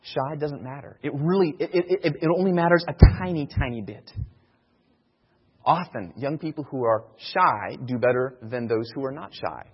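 Earnest husky man preaching in a hall. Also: medium pitch, animated, normal speed. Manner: earnest, repeats key phrases for emphasis. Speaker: speaker teaching evangelism. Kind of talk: informal sermon talk. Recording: dull sound in a reverberant hall.

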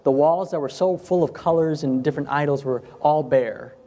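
A fairly high, mellow male voice at a normal speed leads an informal health ministry talk before a group in a room with chairs. He spins stories conversationally, often restarting and repeating phrases; the audio has a long hall reverb.

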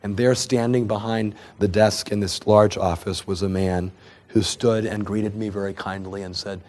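A man's voice: fairly low pitch, fairly even intonation, moderate pace, darkish tone. A man preaching, telling a family story in an earnest way, often repeating and restarting words. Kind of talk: sermon storytelling.

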